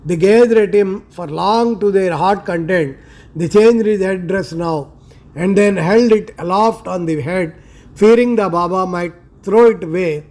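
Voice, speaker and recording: High, mellow man reading reverently. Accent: Indian English. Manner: slow, measured, reverent reading with pauses. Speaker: scripture reader. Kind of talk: devotional reading aloud.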